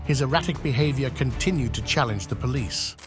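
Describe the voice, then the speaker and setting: A man's voice: mid-range voice, a little fast. Male narrator, matter-of-fact scripted read, mid voice, music bed. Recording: voice-over with music behind.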